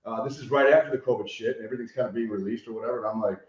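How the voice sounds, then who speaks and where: Man from Chicago, interview guest, animated storytelling, swears a lot, very echoey room, muffled sound. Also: mid-range voice, rapid-fire. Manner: animated storyteller, swears freely, frequent "right?" tags. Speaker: guest, rehab consultant. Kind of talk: casual podcast interview.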